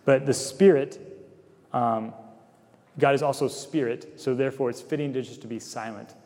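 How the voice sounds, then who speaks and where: A man preaching to college students in a loose, chatty way, tossing questions out to the room. His voice is mellow and sits at a middling pitch. The sound rings with the long reverb of a big hall. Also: steady tone, normal speed. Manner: conversational, filler-heavy, asks the crowd questions. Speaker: campus minister.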